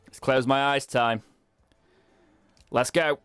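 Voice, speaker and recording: This young British man has a medium-pitched, clear, resonant voice with a fairly bright tone, and he takes things slowly and steadily. As a let's play streamer, he gives casual, wry gameplay commentary full of self-mocking asides. There's no room sound, just faint music in the background.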